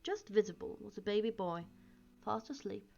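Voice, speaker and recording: A woman reading a novel aloud in an expressive way, with small slips, on a dull lo-fi recording with faint music. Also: mid-range voice, normal speed, creaky. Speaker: reader.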